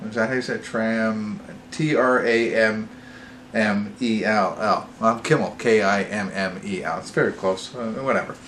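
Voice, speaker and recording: A man's voice: fairly low pitch, normal speed, slight background noise. A man hosting a casual movie review vlog, talking in a meandering way, correcting himself and getting worked up as he goes. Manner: meandering, self-correcting, gets excited. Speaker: movie reviewer, channel host.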